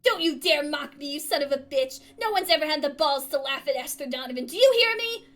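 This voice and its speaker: A woman's voice: high-pitched, lively intonation, a little fast, fairly bright tone. A woman voicing a grief-crazed middle-aged mother in a game, screaming and unhinged. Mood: furious.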